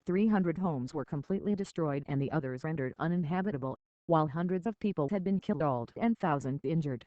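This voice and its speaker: An audiobook reader narrating a children's novel in a measured, steady storybook voice, on a dull, dry lo-fi recording. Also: medium pitch, no echo.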